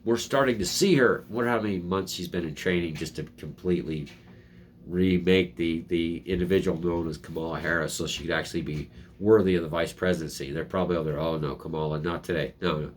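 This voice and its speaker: A man with a low voice talks fast while hosting casual political commentary from home, with a little hiss or hum on the audio. He reads headlines and rants sarcastically, rambling, restarting often, and mocking people with voices in quotes.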